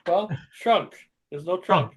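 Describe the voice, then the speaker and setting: A man hosting a casual local radio show, chuckling often and reading tongue twisters out slowly. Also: high voice, husky.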